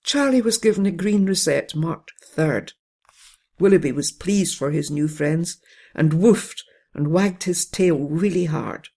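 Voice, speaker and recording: A storyteller reading a children's bedtime story in a gentle, steady way. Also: medium pitch, a little slow, husky. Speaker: narrator.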